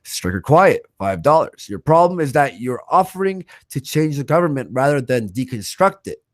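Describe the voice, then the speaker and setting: Profane, animated male livestream host. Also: mid-range voice, dry recording, studio quality. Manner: animated, profane, quick to rant. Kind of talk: casual livestream chat.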